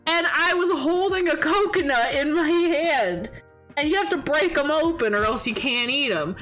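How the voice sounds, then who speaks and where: A young woman streaming from home, chatting casually with her chat and telling animated stories with swearing and laughter, close to a desk mic. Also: high-pitched, moderate pace, faint music behind, low-quality recording.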